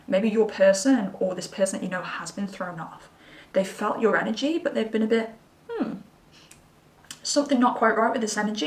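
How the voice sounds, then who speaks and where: A woman's voice: medium pitch, far from the mic. A chatty woman talks through a pick-a-card tarot reading, intuitive and reassuring in her delivery. Her voice sits a little back from the mic and rings in a roomy space. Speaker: tarot reader. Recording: roomy sound from away from the mic.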